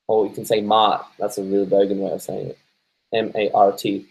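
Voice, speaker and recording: Laid-back Australian man, lowish voice. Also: little pitch movement, normal speed, creaky, darkish tone, rough recording. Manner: laid-back, swears freely, laughs often, reads comments aloud. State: stoned. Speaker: live-stream host reading viewer chat. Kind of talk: casual live-stream chat.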